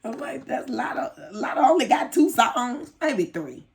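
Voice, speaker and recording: A woman co-hosting a podcast, telling stories in a lively, laughing way. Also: a little high, measured pace, slight background noise. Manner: animated, laughing storyteller. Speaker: podcast co-host. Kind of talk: casual chat, storytelling.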